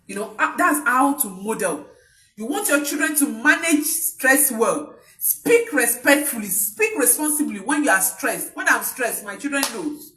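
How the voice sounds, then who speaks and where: Woman, parenting coach, emphatic and repetitive, fairly high voice, echoey room, heard from a distance. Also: fairly bright tone. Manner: emphatic, repeats key phrases, acts out parents' voices. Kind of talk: parenting talk to an audience.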